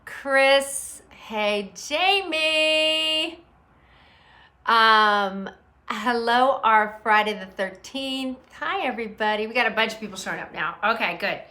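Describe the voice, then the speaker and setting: A woman's voice: a little high, measured pace, bright, forceful tone. A middle-aged woman hosting an unscripted livestream from her phone, rambling and greeting viewers by name as they join. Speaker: livestream host. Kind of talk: unscripted live chat.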